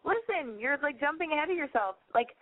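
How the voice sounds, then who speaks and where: A woman's voice: high voice, expressive, fairly quick. A woman hosting a call-in podcast, giving dating advice in a brash, rambling, profane way. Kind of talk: casual call-in advice chat. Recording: phone-like narrow band.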